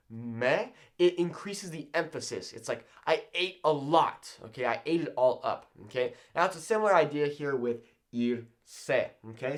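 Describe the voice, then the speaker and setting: A man teaching a Spanish lesson at a whiteboard, checking in with "okay?" after nearly every point and slowing down on example phrases. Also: on the high side. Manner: animated, repeats "okay?" often, slows down on example phrases. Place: classroom-style room with whiteboard.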